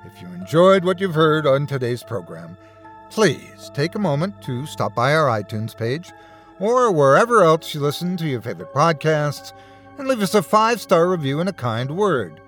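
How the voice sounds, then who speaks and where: A man's voice: fairly high pitch, moderate pace, faint music behind. A man hosting a horror story podcast, giving a scripted narration. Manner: expressive storytelling, warm sign-off.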